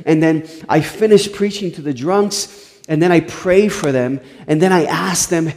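A man's voice: on the high side, measured pace, darkish tone, big-room sound. A male pastor telling a story in a sermon, earnest, with frequent stumbling restarts.

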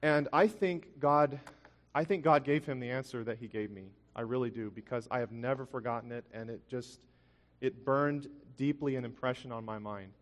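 A man's voice: mid-range voice, moderate pace. A man preaching a sermon, telling a personal story earnestly, with frequent restarts. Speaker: pastor. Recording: long hall reverb.

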